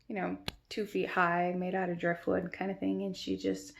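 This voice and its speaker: A woman's voice: on the low side, completely flat delivery, moderate pace, creaky. A woman casually retelling a dream, rambling with many filler words. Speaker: storyteller.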